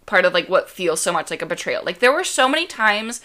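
Young woman, podcast co-host, giggly, playful, bright voice. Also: lowish voice, very animated, fairly quick. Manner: giggly, gushing, playful exaggeration. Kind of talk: casual chat.

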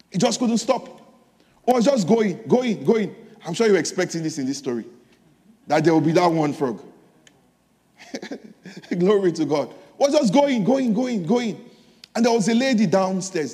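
A man's voice: high voice, darkish tone, big-room sound. A man preaching a sermon, telling a story and exhorting his listeners with repeated phrases.

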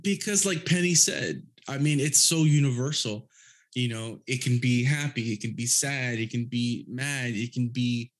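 A man's voice: medium pitch, moderate pace. Laid-back, profane young man. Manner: profane, laid-back, rambling with frequent fillers. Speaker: podcast guest. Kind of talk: casual chat.

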